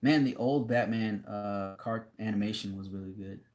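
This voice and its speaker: A man's voice: fairly low pitch, moderate pace, a little mellow. A young man streaming live, reading viewer comments aloud and chatting casually in a laid-back, rambling way with frequent laughs.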